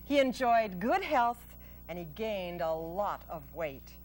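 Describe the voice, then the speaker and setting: A woman narrating a storybook aloud in a gentle, unhurried way. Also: mid-range voice, expressive, a little hiss or hum.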